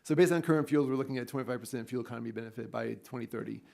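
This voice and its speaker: Fast, gravelly male witness giving fluent technical testimony. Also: mid-range voice, darkish tone. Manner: fluent, technical, measured answers. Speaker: expert witness. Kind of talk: hearing testimony.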